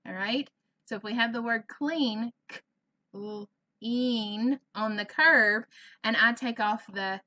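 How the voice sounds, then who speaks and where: A woman with a Southern US accent leads a first grade phonics lesson. Her voice is bright and fairly high, and she talks slowly, stretching each sound of a word for young listeners. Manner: slow, exaggerated sounding out of words for children. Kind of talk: virtual classroom lesson.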